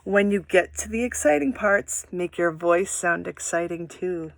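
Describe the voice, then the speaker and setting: A woman teaching children how to read aloud with a buddy, in an animated, sing-song and encouraging way. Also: lowish voice, unhurried, gravelly, no echo. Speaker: reading teacher.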